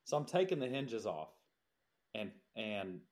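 A man's voice: lowish voice, sing-song, measured pace, a little mellow. Laughing man telling a jobsite story. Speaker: podcast co-host, builder. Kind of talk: storytelling in casual chat.

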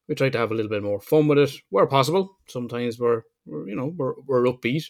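A man's voice: mid-range voice, fast talker, gravelly, a little mellow. A Northern Irish man hosting a podcast in casual chat. He swears freely and teases his co-host. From Northern Ireland.

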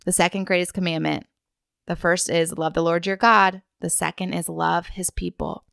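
A woman's voice: lowish voice, flat delivery, moderate pace, vocal fry, a bit bright, dry recording, studio quality. Earnest woman hosting a faith podcast. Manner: earnest, heartfelt, addresses listener directly. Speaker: podcast host. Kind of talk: faith-based wellness podcast talk.

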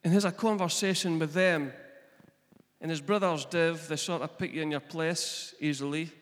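A man's voice: a little high, fairly even intonation, normal speed. A man with a Scottish accent preaching a sermon, retelling scripture in plain everyday speech. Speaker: pastor. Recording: long echo of a large hall.

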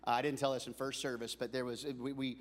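A man preaching a comic storytelling sermon, animated and building up to shouting. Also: medium pitch, fast talker, long reverb tail. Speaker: pastor.

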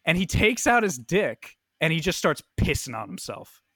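A young man in casual chat, telling a profane, animated story full of fillers like "like" and "uh". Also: a little high, normal speed, slightly rough, no echo.

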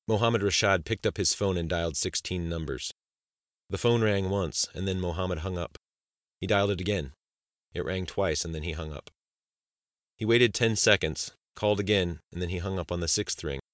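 Deep-voiced man narrating a thriller. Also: moderate pace, fairly bright tone, no room sound, studio quality. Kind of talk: scripted audiobook narration.

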